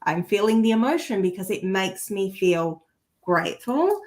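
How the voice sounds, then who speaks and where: A woman's voice: medium pitch, big pitch swings, normal speed, darkish tone. A woman in casual podcast conversation, speaking in an earnest, heartfelt coaching tone. Her voice sits in an ordinary middle register, and she often breaks off and restarts a sentence while reaching for the right words. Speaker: co-host and energy healer.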